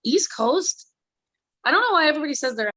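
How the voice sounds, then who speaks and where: A woman's voice: high-pitched, expressive, brisk, pushed and bright, no echo, poor audio. A woman MMA fighter in a casual interview, rambling, candid and swearing freely.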